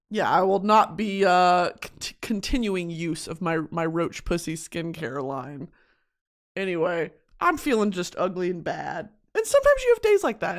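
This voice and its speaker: A young woman vlogging in a casual confessional rant, profane and dramatic, breaking into shrieks and comic voices. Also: medium pitch.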